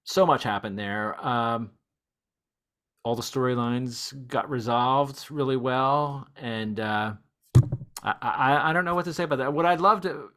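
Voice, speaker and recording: A man hosting a podcast, chatting casually with a guest and laughing often. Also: mid-range voice. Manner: chuckles often, relaxed and chatty. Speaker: podcast host. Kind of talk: casual chat.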